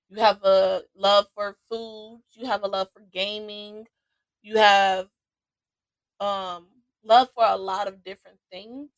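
Woman podcast host, mid-pitch, slow and reflective, dry sound. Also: a bit bright, dry recording. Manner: slow, reflective, with restarts and laughter. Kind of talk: casual solo podcast talk.

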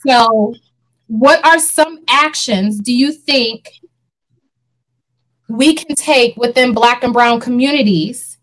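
A woman with a high-pitched voice leads a casual panel talk. She speaks earnestly and animatedly, with frequent laughter. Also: slow, pauses often, fairly bright tone, rough recording. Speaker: podcast co-host.

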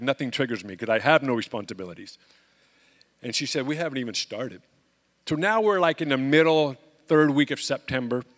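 Pastor, man, animated storyteller acting out dialogue, mid pitch, big hall reverb. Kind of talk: storytelling sermon.

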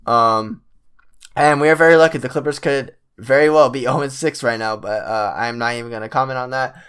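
A man giving a casual, rambling basketball fan rant, slangy and profane, with lots of filler words, often working himself up to loud frustration. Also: medium pitch, fairly quick, smooth. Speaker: sports fan vlogger.

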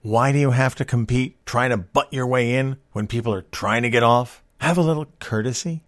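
A man's voice: medium pitch, normal speed, no room sound. Guy giving etiquette advice, preachy and emphatic, lots of "how hard is that" type questions, dry close sound. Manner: emphatic, lecturing, rhetorical questions. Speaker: host. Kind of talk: advice monologue.

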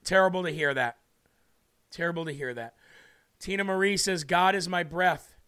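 A man's voice: high voice, moderate pace, pushed and bright, clear, resonant tone. A man hosting a livestream who preaches fervently and emphatically, repeating words for stress, and is moved to tears. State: tearful, moved. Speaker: livestream host.

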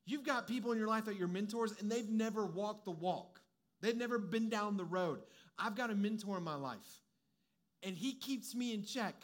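A man's voice: sits high, moderate pace. A young adult man giving a conversational, humorous sermon as a preacher, mixing personal stories with direct advice.

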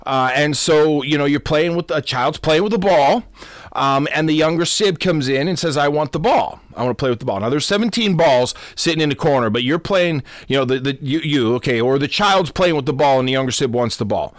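A Lutheran pastor hosting a podcast gives an unscripted teaching talk, often repeating and correcting himself and frequently checking in with "okay?". His voice is fairly high and a little fast, in a dry, studio-quality recording.

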